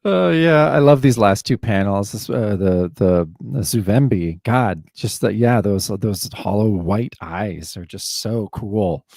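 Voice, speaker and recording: A man's voice: lowish voice, measured pace, vocal fry, hardly any pauses, darkish tone, no echo. A man co-hosting a podcast, chatting about comic art with eager enthusiasm and loose phrasing. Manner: enthusiastic, many fillers and restarts. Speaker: podcast co-host. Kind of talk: casual comic book discussion.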